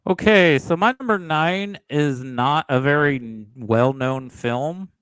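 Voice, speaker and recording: A man chatting as a guest on a film podcast, his voice smooth and resonant. The sound is close and dry, with no room around it, and he speaks in a chatty, opinionated way. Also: on the high side, takes it slowly, a bit bright, dry recording. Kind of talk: casual film discussion.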